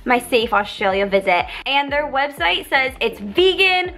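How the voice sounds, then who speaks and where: A woman's voice: sits high, big pitch swings, a little slow, fairly bright tone. A young American woman chatting through a casual beauty product review vlog in a bubbly, giggly way. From United States. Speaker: beauty vlogger.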